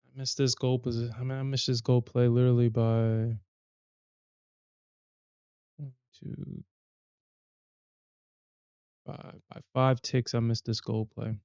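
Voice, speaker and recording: Male livestream host, gravelly and dry, rambling with frequent restarts. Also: mid-range voice, little pitch movement, slow, pauses often, darkish tone, no echo, highs cut off. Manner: rambling, many restarts and self-corrections. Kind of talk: casual livestream chat.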